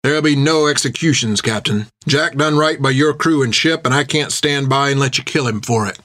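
A man voicing a loyal, blunt sailor who speaks in rough, plain slang with a firm tone. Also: medium pitch, fairly quick, a bit bright, pitched above the performer's own voice, close to an everyday voice. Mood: firm, defiant. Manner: rough colloquial speech, firm.

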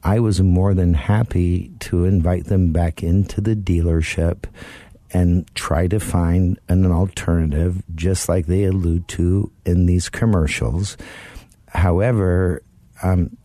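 A man who once ran a car dealership, co-hosting a talk show and explaining dealer practices in a measured, deliberate way. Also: low-pitched, fairly even intonation, warm tone, no echo. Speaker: co-host, former car dealer. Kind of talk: casual radio talk show chat.

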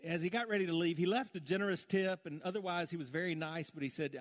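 A male pastor preaching a sermon, telling homespun stories with gentle humor. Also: high voice, fast.

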